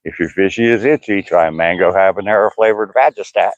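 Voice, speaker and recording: A man's voice: sits low, fairly quick, no echo, muffled recording. Older man chatting on a walking trail. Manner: jokey, laughing, reading chat comments aloud. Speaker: vlogger. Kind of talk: casual live-stream chat while walking.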